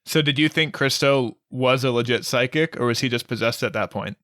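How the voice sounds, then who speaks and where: A man in casual podcast chat, relaxed as he raises questions about a film. His voice is smooth and resonant, recorded close and dry. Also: mid-range voice, fairly quick, dry recording. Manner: relaxed, asks discussion questions. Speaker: podcast co-host reviewing a film.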